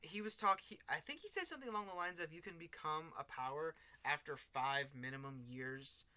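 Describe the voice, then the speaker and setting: Bright-voiced man rambling casually. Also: a little high, brisk, clean tone. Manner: rambling, many restarts and "like". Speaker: podcast co-host. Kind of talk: casual chat.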